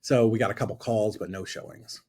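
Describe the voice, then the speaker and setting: A man telling an animated story about his past, acting out both sides of a conversation. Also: on the low side, a little fast. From Florida. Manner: lively storyteller who acts out both sides of dialogue. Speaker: guest investor telling a story. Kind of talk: animated anecdote on a talk show.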